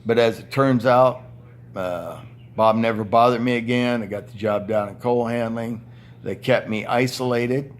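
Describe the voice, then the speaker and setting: A retired power plant worker in his seventies rants indoors at home, with a TV and fan in the room. His medium-pitched voice is a little slow as he delivers an angry, blunt monologue thick with swearing.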